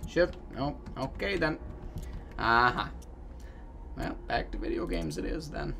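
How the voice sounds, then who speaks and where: A man giving casual gameplay commentary, animated with loud outbursts and self-mocking jokes. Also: mid-range voice, unhurried, creaky, a little hiss or hum. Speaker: gaming video host.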